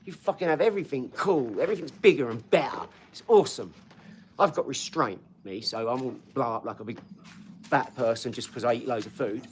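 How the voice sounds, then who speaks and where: Hosting a laid-back livestream, this medium-pitched man speaks a bit quickly, with a faint hiss or hum in the audio. He drifts between subjects, curses without restraint, and answers his viewers' comments directly.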